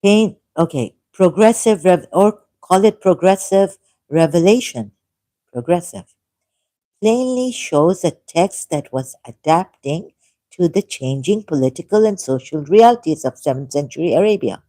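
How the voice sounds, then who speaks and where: A woman with a low, mellow voice reads a text aloud on her own channel and comments on it. She takes it slowly and deliberately and stops now and then for apologetic asides. The sound is close and dry, from a dim room. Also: lively intonation, no room sound. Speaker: channel host. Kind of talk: reading aloud and commenting, casual vlog.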